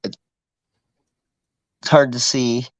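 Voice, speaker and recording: A man's voice: medium pitch, little pitch movement, very slow, dry recording. A man co-hosting a casual chat, blunt and casually swearing. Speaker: co-host. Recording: dull dry lo-fi sound.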